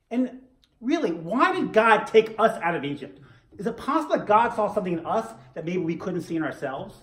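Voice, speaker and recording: A man teaching a class, joking and asking rhetorical questions in a playful, animated way. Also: sits high. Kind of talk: lecture with jokes. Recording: roomy echo.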